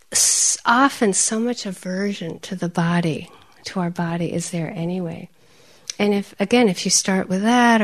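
Woman giving a lively meditation talk. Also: mid-range voice. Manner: animated storytelling, laughs often, drops to soft whisper. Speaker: meditation teacher. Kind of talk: dharma talk.

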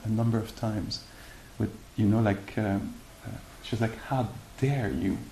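A man giving a meditation talk and answering questions, speaking haltingly with many fillers and restarts. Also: fairly low pitch, flat delivery, vocal fry, warm tone. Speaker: meditation teacher. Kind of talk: dharma talk and Q&A. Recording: echoey room with faint hiss.

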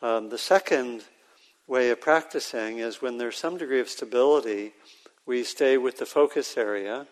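A man teaching meditation to a live group, speaking slowly with frequent pauses and fillers. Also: mid-range voice. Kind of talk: guided meditation instruction. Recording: reverberant hall sound.

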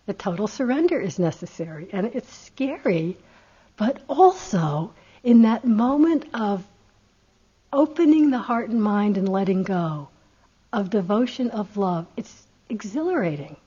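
Meditation teacher, woman: slow, mellow and breathy; gentle and reflective, with soft laughs. Dull lo-fi. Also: mid-range voice, big pitch swings. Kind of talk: dharma talk. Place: retreat center meditation hall. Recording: dull lo-fi recording.

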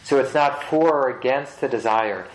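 A man with a middle-pitched voice gives a reflective meditation talk, gentle and halting. His voice carries with the echo of a roomy hall. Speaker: meditation teacher. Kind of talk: dharma talk.

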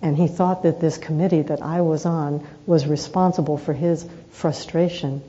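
A woman meditation teacher giving a reflective dharma talk, telling personal stories in an earnest, unhurried way with rhetorical questions. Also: sits low, warm tone, highs cut off.

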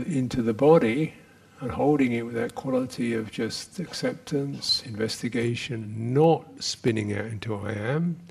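A man giving a meditation retreat dharma talk as a Buddhist teacher, speaking in slow, halting phrases with many pauses and sometimes dropping to a soft whisper. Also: mid-range voice, gravelly, slightly rough.

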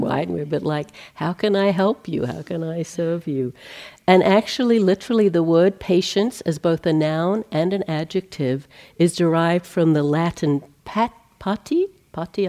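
A middle-aged woman meditation teacher giving a dharma talk on retreat, telling stories in a gentle, unhurried way with light humor. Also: lowish voice.

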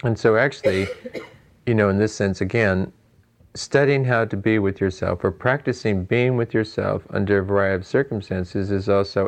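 A man teaching meditation in an informal dharma talk. He muses aloud, chuckles between points, and fills his pauses with "you know.". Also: sits low.

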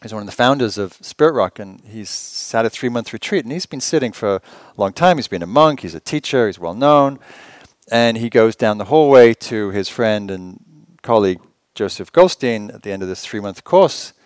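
A man teaching meditation at a retreat, talking conversationally and asking rhetorical questions with gentle humor. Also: fairly low pitch, expressive, moderate pace, clear, resonant tone, no room sound. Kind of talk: retreat dharma talk.

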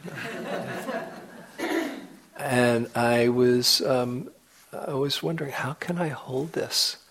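A man giving a dharma talk as a meditation teacher at a retreat, gentle and unhurried, sometimes dropping to a soft whisper. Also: medium pitch, animated, slightly rough, rough recording.

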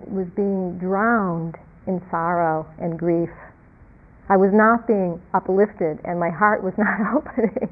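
A woman meditation teacher giving a reflective dharma talk, halting and repeating words, with soft laughs. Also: fairly high pitch. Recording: tinny phone-like lo-fi sound.

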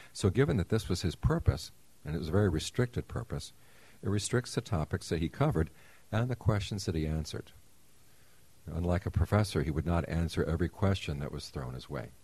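Very deep-voiced meditation teacher. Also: male voice, warm tone, husky. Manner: measured and explanatory, with wry asides. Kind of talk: dharma talk. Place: meditation center.

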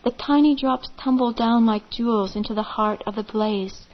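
A woman meditation teacher telling a parable gently, in measured phrases with vivid pauses. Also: on the high side, highs cut off. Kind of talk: slow storytelling of a parable.

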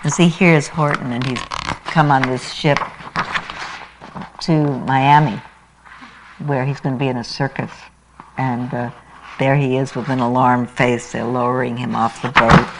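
A woman meditation teacher giving a dharma talk, reading a children's story aloud in an unhurried, expressive way. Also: a bass voice, background noise.

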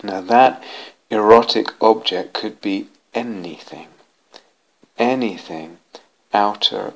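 A man's voice: on the low side, vocal fry, a bit bright, rough recording. A man giving a dharma talk to a retreat group, searching for words, repeating key words and often restarting his sentences. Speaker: meditation teacher. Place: retreat center meditation hall.

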